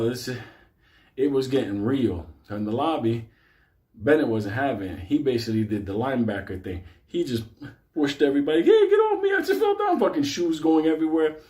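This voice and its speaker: A man's voice: medium pitch, mellow. A man, casually telling a long story, swearing heavily and laughing as he goes. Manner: profane, laughing through the story. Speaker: host.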